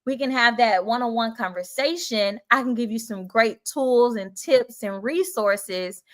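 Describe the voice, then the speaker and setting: On a live stream, a woman from the Southern United States coaches teachers, chatty and encouraging as she answers viewers. She has a Southern twang, a fairly high voice, and a measured pace.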